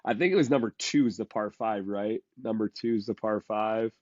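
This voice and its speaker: A man's voice: fairly low pitch, a little mellow, no echo, dull audio. Stuffy-voiced man on a casual podcast. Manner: halting, many fillers and restarts. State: congested from a cold. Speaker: podcast co-host. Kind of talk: casual chat.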